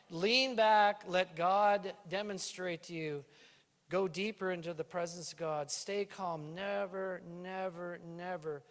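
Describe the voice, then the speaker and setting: A male pastor preaching a sermon in a church, lively and playful, with a stage microphone. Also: fairly high pitch. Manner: lively preaching with playful put-on island lilt. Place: church sanctuary. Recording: reverberant church hall.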